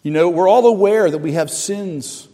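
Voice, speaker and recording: Middle-aged man, pastor preaching a sermon, earnest, repeats himself, loud then soft, slightly high voice, long hall reverb. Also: normal speed.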